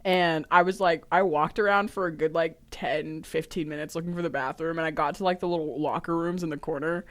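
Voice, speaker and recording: A woman's voice: deep voice, fairly even intonation, a little fast, few pauses. A young woman co-hosting a podcast, telling a story in casual chat with lots of fillers and laughter. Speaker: podcast co-host.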